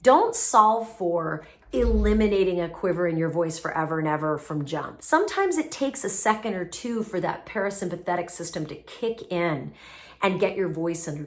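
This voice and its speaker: A woman speaking coach giving lively, emphatic advice straight to camera, with playful asides. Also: medium pitch. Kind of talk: casual advice video to camera.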